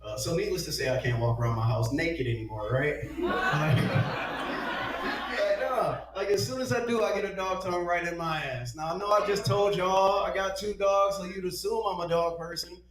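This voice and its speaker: A man's voice: high-pitched, moderate pace. Crude, laughing man on stage, echoey. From Detroit, USA. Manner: crude, laughing at his own jokes. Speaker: stand-up comedian. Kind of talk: stand-up set. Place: comedy venue with laughing audience. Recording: echoey room, heard from far off, audience noise.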